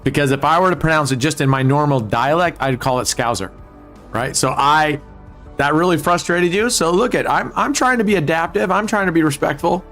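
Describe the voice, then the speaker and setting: A man with a slightly high, fairly quick voice and a fairly bright tone hosts a live casino stream. He chats casually with viewers, joking and swearing as he talks to chat, while faint music plays behind him.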